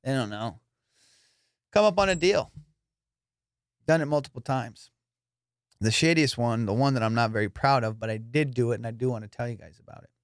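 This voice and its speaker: A young adult man, a comedian and podcast host, telling stories in a loose casual way, swearing a lot and jumping into high, squeaky voices whenever he quotes himself or others. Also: fast, dry recording, studio quality. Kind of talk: casual storytelling.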